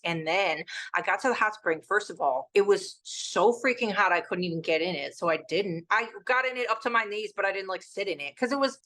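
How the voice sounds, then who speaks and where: A woman co-hosting a podcast, spinning a long rambling story and swearing at every turn. Her voice sits a little low, yet it comes across bright and forceful. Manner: swears constantly, animated and rambling. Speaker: podcast co-host. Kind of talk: casual storytelling chat.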